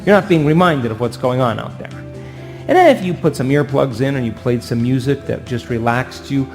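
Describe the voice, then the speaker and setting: A man giving an animated motivational talk to an audience, acting out voices and asking for agreement. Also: medium pitch, a little fast, soft background music. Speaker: speaker.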